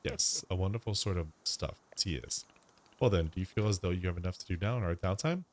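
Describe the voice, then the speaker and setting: A man voicing a gentle, polite male tea shop keeper who speaks formally with slightly odd grammar. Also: sits low, a little fast, close to an everyday voice.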